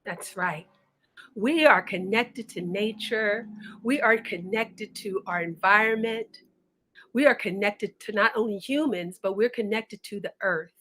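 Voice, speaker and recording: A woman storyteller telling folktales in a dramatic, expressive way, talking directly to her listeners. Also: medium pitch, unhurried.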